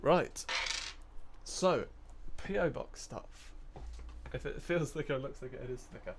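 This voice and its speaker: A man chats loosely on a live stream from his desk, wandering between thoughts and laughing easily. His pitch is unremarkable, a plain middle register. There is a faint hum of room ambience behind him. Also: expressive, measured pace. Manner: rambling and chatty, laughing often. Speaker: coin-hunting live streamer. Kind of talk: casual live-stream chat.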